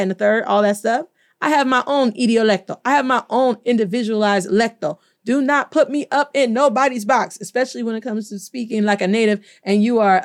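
With a medium-pitched voice, a US-based Spanish teacher keeps her language lesson animated and playful. She takes her time spelling each word out letter by letter.

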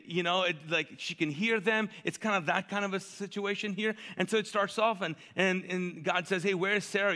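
A male pastor preaching in a chatty, animated way, asking the congregation to fill in words. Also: sits high, long reverb tail. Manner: conversational, animated, asks the crowd to fill in words. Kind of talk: sermon.

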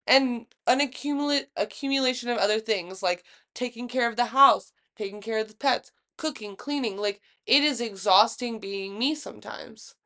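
A young woman co-hosting a podcast, telling a story in a casual, profane, animated way and acting out the quotes. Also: on the high side. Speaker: podcast co-host. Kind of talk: casual chat.

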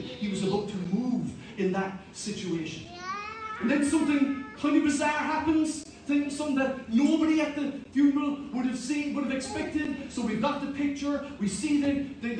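Man, sermon, high voice, distant mic, faint noise. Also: a little mellow. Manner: earnest, repetitive, rising to emphatic. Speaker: preacher. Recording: echoey hall, mic at a distance.

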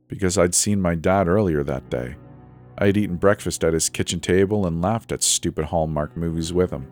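A man reading a first-person horror story in a measured, suspenseful way. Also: low-pitched, darkish tone.

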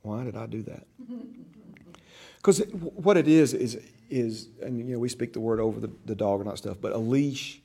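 A man's voice: mid-range voice, moderate pace, warm tone, breathy edge. An older man with grandchildren teaching a church discipleship class, conversational and storytelling, acting out voices in his stories.

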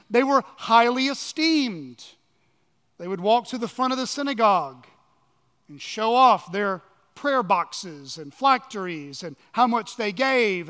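High-voiced preacher in a reverberant hall. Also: male voice, fairly bright tone. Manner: emphatic preaching with dramatic pauses and sudden drops in volume. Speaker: pastor. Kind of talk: sermon. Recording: long reverb of a large hall.

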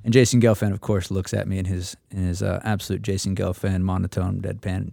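Gravelly, mellow-voiced male storyteller. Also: low voice, level tone, fast, no room sound, studio quality. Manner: storytelling, acts out quotes. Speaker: instructor pilot. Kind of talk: casual roundtable chat.

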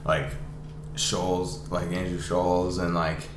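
A man's voice: low voice, slow, noisy background. A young man co-hosting a casual podcast, telling stories with a lot of laughter. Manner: laughing, animated retelling of stories. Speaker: co-host. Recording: echoey room.

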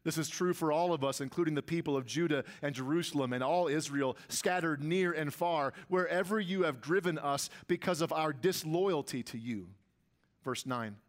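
A man's voice: fairly high pitch, normal speed. A man preaching a sermon as pastor, with emphatic delivery that rises and swells on key lines.

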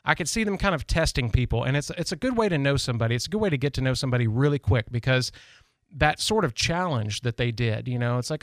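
Quick and lively in intonation, a Tennessee radio host with a Southern accent spins stories in a casual, meandering monologue. He restarts frequently and leans on "you know," speaking in a mid-range voice with no echo.

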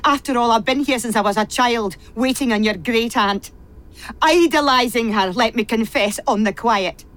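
A woman's voice: on the high side, moderate pace, fairly bright tone, lightly acted. An actress playing a bitter, repressed woman who has served a family since childhood, pouring out a venomous confession in a radio play.

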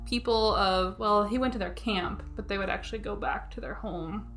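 A woman's voice: medium pitch, normal speed, a bit bright, faint music behind. A woman playing a tabletop game, speaking to the game master and other characters. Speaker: player.

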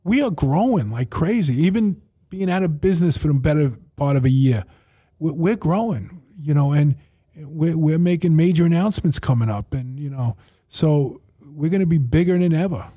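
Seated at a table in his own facility, the man who owns and manages it tells stories in a casual podcast chat. His voice is on the high side at a normal speed, and he's an animated storyteller who acts out lines, quoting himself and others.

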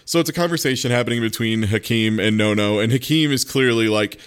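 Man, casual chat, animated retelling, bursts into character voices, mid pitch. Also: brisk, clean tone. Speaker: podcast co-host recapping an anime.

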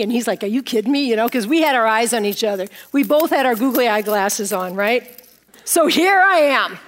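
A middle-aged woman pastor preaches a playful, storytelling sermon. Her voice sits a little high, and she jokes and laughs at her own props as she goes. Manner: playful, animated, laughs at herself.

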